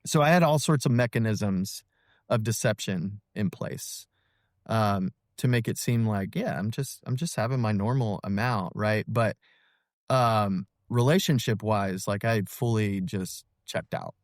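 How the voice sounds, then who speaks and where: A man in his thirties telling his personal story as a podcast guest, earnest and halting, with many fillers and restarts. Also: lowish voice, no room sound, studio quality. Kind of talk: personal testimony in an interview.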